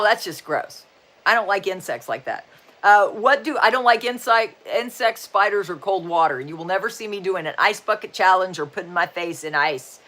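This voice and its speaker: Woman in her sixties, livestream host, casual chat, folksy, low-pitched. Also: a bit bright. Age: 60s. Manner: chatty and folksy, often saying "just saying"; upbeat, tells corny jokes.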